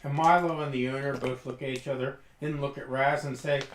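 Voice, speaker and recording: A man's voice: medium pitch, steady tone, brisk, hardly any pauses, echoey room, a little hiss or hum. A man narrating a tabletop game as game master, in a casual way with frequent restarts.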